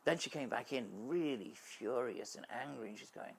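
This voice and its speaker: A man in an interview telling a personal story at a measured, slightly halting pace. His voice sits at a middle pitch with a strong gravelly fry. He keeps a wry, dry edge. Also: lively intonation.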